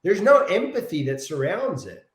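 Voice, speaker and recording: A man talks casually and with animation as an interview guest, often repeating words while he thinks. His voice sits a little high for a man. The recording has a noticeable room echo. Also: sing-song, normal speed. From Australia. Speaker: guest, pop singer. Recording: echoey room.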